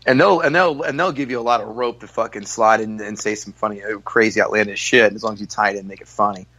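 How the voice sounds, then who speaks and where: A man who is a guest comedian, telling stories in a casual podcast chat, talking fast, loud and forward, full of profanity. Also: fairly low pitch, fairly even intonation.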